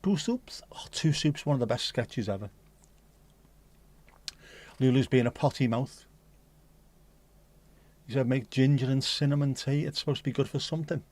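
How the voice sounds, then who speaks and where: A man's voice: mid-range voice, fairly even intonation, normal speed, pauses often, a little mellow. A man hosting a casual livestream, chatting to viewers and answering the chat aloud, swearing now and then. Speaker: livestream host reading chat. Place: home streaming setup.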